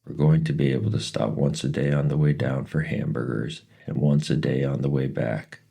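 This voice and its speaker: A man reading aloud voices a mother calmly laying out a careful family travel plan, in a very deep, creaky voice. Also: moderate pace, full character voice. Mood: planning. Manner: orderly, practical, explaining. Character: organized, careful mother planning a family trip.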